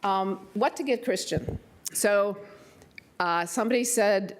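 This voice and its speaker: A woman's voice: medium pitch, a little slow. An older woman, a county board member, giving an informal tribute speech at a public meeting. She talks in a rambling, chatty, self-deprecating way and acts out the people she quotes.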